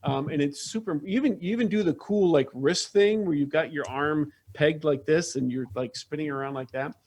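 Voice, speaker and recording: A man's voice: on the high side, a little fast, darkish tone. A man running a tabletop game as game master, upbeat and chatty, with many fillers.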